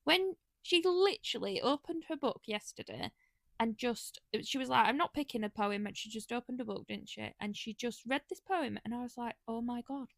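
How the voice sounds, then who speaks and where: A woman's voice: a little high, lively intonation, normal speed, gravelly, dry recording, studio quality. A woman co-hosting a podcast, chatting casually and telling stories with lots of gushing, quoted reactions. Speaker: podcast co-host. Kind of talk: casual chat.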